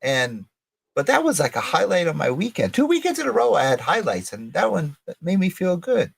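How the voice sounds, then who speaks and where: A middle-aged man hosting a podcast live stream, excitable and rambling, with lots of restarts. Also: fairly high pitch, brisk, vocal fry, husky. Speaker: podcast host. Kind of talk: casual live-stream chat.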